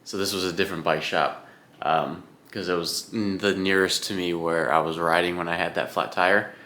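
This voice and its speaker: A man's voice: deep voice, steady tone, moderate pace, bright, forceful tone. A young man vlogging about his Ironman training, chatting casually at home in front of his camera, rambling and swearing freely as he rants.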